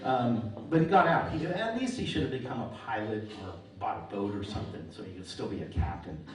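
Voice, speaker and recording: A man's voice: lowish voice, animated, fairly quick, heavy background noise. A middle-aged man performing a stand-up comedy set, telling stories dryly and landing puns as punchlines before a live audience. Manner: dry storytelling with pun punchlines. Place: large hall on stage before live audience. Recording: echoey hall, mic at a distance, crowd laughter. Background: audience laughter.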